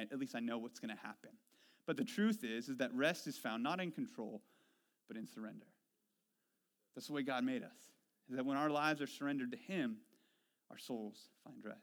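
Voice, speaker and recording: A man preaching a sermon, telling self-deprecating stories that swing from quiet reflection to animated retelling. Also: a little high. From Washington State. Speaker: pastor.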